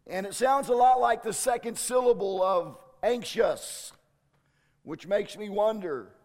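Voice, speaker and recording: A man preaching a sermon as a pastor, slow and deliberate with dramatic pauses. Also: sits high, a little mellow, in a large hall.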